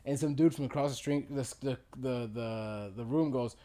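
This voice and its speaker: A man's voice: medium pitch, normal speed, hardly any pauses, warm tone. A man co-hosting a casual podcast chat, telling stories animatedly and laughing while he acts out quotes. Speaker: podcast co-host.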